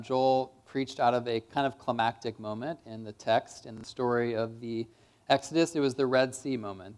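A man preaching a sermon in a church, in a casual, conversational way with lots of "kind of" and "like.". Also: mid-range voice.

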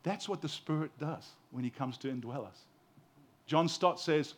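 A pastor in his forties preaches with a voice set a little higher than most men's. He moves from ringing emphasis down to soft, tender near-murmurs, often repeating a word while he gathers his point. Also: normal speed. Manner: impassioned, swinging from loud emphasis to hushed tenderness; repeats words when building a point. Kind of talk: sermon.

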